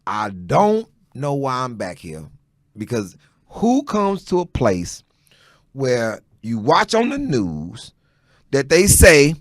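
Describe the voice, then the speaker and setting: A man from Houston, a stand-up comedian guesting on a podcast, telling stories in an animated way and building up to shouted punchlines. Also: mid-range voice, slow, dry recording, clean studio sound. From Houston, Texas. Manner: animated storyteller who rises into shouted punchlines. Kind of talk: casual chat, comic storytelling. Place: podcast studio.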